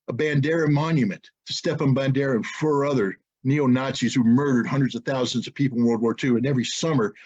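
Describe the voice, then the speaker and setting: Husky, indignant American man on a dull call. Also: fairly high pitch. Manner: forceful, indignant, rises to loud rhetorical questions. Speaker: webinar guest speaker. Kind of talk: impassioned webinar talk. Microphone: video call.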